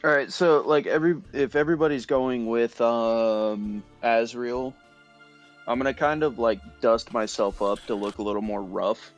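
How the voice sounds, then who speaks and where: A man's voice: medium pitch, fairly even intonation, moderate pace, dull audio, soft background music. A man playing a tabletop game, describing his moves in a rambling way full of fillers. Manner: rambling, full of likes and ums. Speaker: player.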